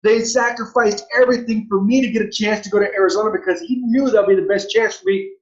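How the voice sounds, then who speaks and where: A former pro baseball player in his forties from Southern California tells his life story as an interview guest, speaking earnestly and repetitively and often restarting phrases. His high-pitched voice is fast and fairly even in intonation, recorded in an echoey room with dull, lo-fi audio.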